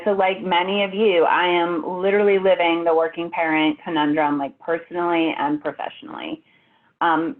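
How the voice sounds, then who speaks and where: A woman speaking from home as a benefits executive on a webinar, polished but casual with frequent fillers. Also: fairly low pitch. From United States. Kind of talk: webinar presentation. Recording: tinny phone-like audio.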